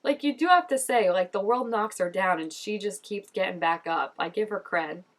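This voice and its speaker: A woman's voice: medium pitch, normal speed. A young woman reacting to a show episode in casual, gushing commentary, chatty and full of "like". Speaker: reaction vlogger.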